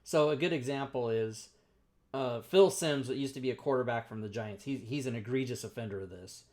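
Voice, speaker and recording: A man's voice: medium pitch, a little fast, darkish tone. A man from Kentucky ranting bluntly in casual chat, swearing as he goes.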